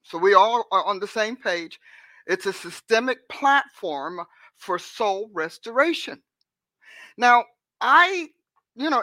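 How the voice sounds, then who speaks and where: A woman teaches as a prophet in a confident, explanatory sermon style. Her voice sits in a middle range with a bright edge. The sound is dry, with no room echo. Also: medium pitch. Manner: confident, explanatory, speaks of her own writing. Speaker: prophet and teacher, show host.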